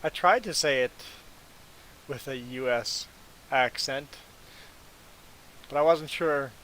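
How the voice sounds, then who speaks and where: A man's voice: mid-range voice, takes it slowly, a bit bright, slight background noise, poor audio. A man hosting a casual gaming livestream, chatting with viewers, laughing often and stumbling through restarts as he explains things. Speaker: livestream host.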